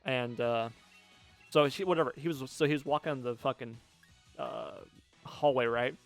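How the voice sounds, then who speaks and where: A man's voice: mid-range voice, normal speed, soft background music. Male co-host, casual, rambling, sweary storyteller. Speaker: let's play co-host. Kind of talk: casual chat.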